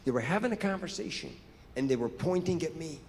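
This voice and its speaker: A man doing stand-up, telling a story in an animated, profane way and acting out scenes on stage. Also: a little high, fast talker, slight background noise. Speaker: stand-up comedian. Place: stage in a large hall. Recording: echoey hall with reverb.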